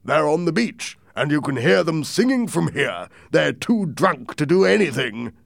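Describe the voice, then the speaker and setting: A man voicing a confident gentleman squire making calm, matter-of-fact remarks. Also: a little high, moderate pace, gravelly, no room sound, studio quality, voice pushed up.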